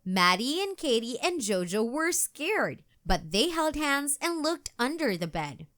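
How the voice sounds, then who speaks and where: Slow, sing-song woman reading a kids' book. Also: high-pitched. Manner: gentle, expressive, sing-song. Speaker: children's book reader. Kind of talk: read-aloud storytelling.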